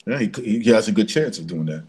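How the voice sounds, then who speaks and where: Co-host from Puerto Rico, husky and lively, laid-back joking delivery. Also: male voice, fairly low pitch, fairly quick. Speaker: podcast co-host. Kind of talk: casual boxing podcast chat.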